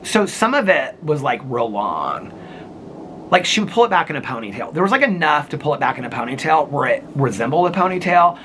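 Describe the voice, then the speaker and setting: A man's voice: fairly high pitch, very animated, a little fast, pushed and bright, slight background noise. A man telling a personal story in a casual home vlog, seated in a chair with the camera on a table and rambling with many filler words. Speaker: vlogger.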